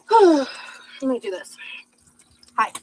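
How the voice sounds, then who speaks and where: A woman's voice: high-pitched, darkish tone, breathy edge, low-quality recording. A young adult woman chatting casually on a livestream, gushing over viewers' comments with lots of fillers. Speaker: livestreamer reading chat. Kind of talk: casual livestream chat while cooking.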